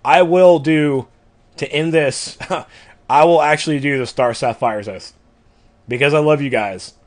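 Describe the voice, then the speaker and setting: Slow-talking playful male podcast host. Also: on the high side. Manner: laughs often, playful. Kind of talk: casual chat.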